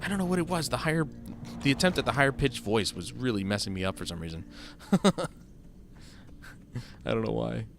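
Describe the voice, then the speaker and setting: This is a brisk, medium-pitched male voice with vocal fry, recorded against a noisy background. He chats and rambles through a casual let's-play, joking at his own expense, with game music playing and key presses audible on his desk mic.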